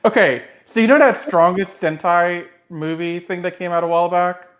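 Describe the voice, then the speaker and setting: A fairly high-voiced man co-hosts a casual podcast, talking in an animated, emphatic way. His audio sounds dull and lo-fi. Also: moderate pace, a crowd in the background. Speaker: podcast co-host.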